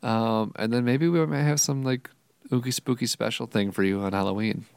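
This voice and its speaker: A man's voice: mid-range voice, moderate pace, vocal fry, a little mellow, clean tone, no echo. A man co-hosting a podcast, chatting casually with playful, jokey asides. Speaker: podcast co-host.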